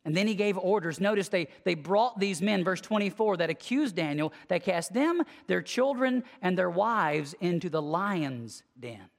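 Preacher, mid-range voice, punchy sermon delivery that drops to a hush; church with long reverb. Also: mid-range voice, normal speed, gravelly, few pauses. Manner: conversational, emphatic, with sudden swings from lively to hushed.

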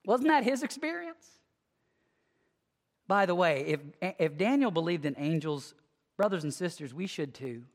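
Preacher, mid-range voice, punchy sermon delivery that drops to a hush; church with long reverb. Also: mid-range voice, unhurried, pauses often. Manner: conversational, emphatic, with sudden swings from lively to hushed.

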